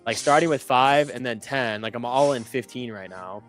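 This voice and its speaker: A man's voice: medium pitch, moderate pace, faint music behind. A young man trading on a live stream, talking loosely with many fillers and self-corrections. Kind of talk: casual chat.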